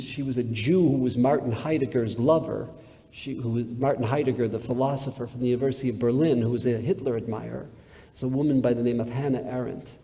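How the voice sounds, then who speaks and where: A man's voice: mid-range voice, mellow. Occupation: rabbi. Sex: man. Style: sermon. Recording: hall reverb. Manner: emphatic storyteller with repetitions and dramatic swings in volume. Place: large synagogue sanctuary. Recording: reverberant hall, live webcast.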